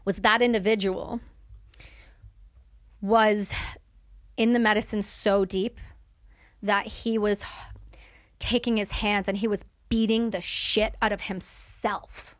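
A young woman speaking as a podcast guest, telling a candid story in animated, fast bursts and swearing freely. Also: mid-range voice, no echo, studio quality.

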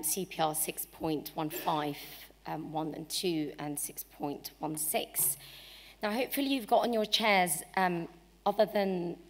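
Croaky-voiced woman lecturing in a hall. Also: low voice. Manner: measured, with frequent ums. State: croaky voice from a cold. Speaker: barrister giving a lecture. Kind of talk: legal seminar talk. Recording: long hall reverb.

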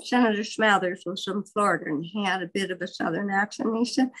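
An older woman, a biographer, telling a long story in an interview in a candid, wry and animated way. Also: medium pitch, brisk, low-quality recording.

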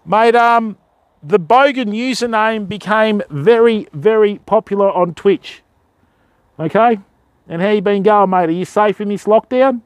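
Australian man, live streamer, high-pitched, dry close sound, relaxed matey chat with viewers. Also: a little slow, no echo. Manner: chatty, matey, addresses viewers as fam. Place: outdoors at night by the water in rain.

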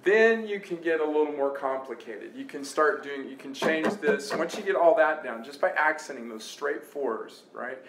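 A man's voice: a little high, moderate pace, few pauses, very noisy. A man giving a casual guitar lesson, counting beats aloud as he plays along on his own guitar. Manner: relaxed, talks while playing, counts beats aloud. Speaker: guitar teacher. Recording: roomy sound with loud guitar. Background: his own guitar playing.

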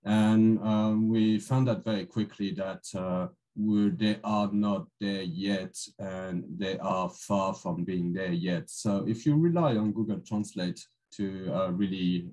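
Low, mellow man. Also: low-quality recording. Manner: hesitant, many fillers. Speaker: panelist. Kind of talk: webinar panel discussion. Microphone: video call.

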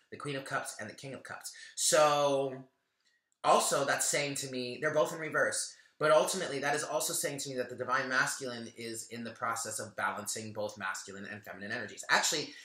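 A man's voice: mid-range voice, sharp tone, echoey room. A man giving a casual tarot reading, chatty and earnest, thinking aloud as he goes. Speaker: tarot reader.

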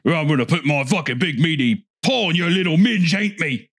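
A man's voice: on the high side, brisk, fairly bright tone, slightly rough, pitched above the performer's own voice. A man doing a crude mocking impression of a lecherous older male TV entertainer, in a countdown-announcer delivery. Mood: leering.

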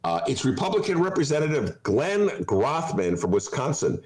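Male talk host, casual comic riffing, pitch swinging all over, slightly high voice. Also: moderate pace, rough recording. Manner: animated, digressive, often breaking into laughter. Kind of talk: casual comedic commentary.

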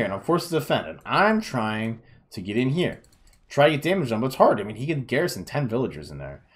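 A tired young man commenting on a replay of his own game, self-critical and groaning at his mistakes. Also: medium pitch. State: tired, yawning. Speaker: gaming video creator.

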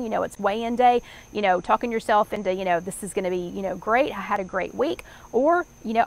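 A woman's voice: mid-range voice, poor audio. A middle-aged woman with a Southern US accent, hosting a live online workshop chat in a rambling, chatty way with many fillers. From American South.

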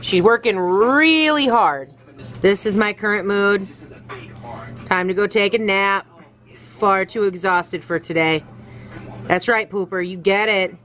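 A woman's voice: medium pitch, measured pace, pauses often, a bit bright, faint music behind, low-quality recording. A woman vlogging in a casual, rambling way at home in her kitchen, swearing often and saying "like" a lot. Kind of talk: casual chat.

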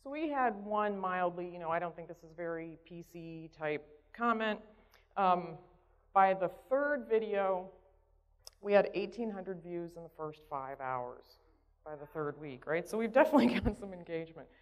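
A woman's voice: on the low side, expressive, moderate pace. A woman telling a story at a conference, chatty and conversational, often checking in with the audience. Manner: conversational, keeps asking "right?". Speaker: conference speaker. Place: conference hall stage. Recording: dull sound in a reverberant hall.

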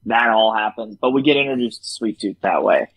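A man's voice: on the low side, brisk, slightly rough, low-quality recording. A young man co-hosting a casual podcast, recapping a TV episode with lots of swearing and acted-out lines. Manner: animated, profane, acts out scenes with laughter. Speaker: podcast co-host.

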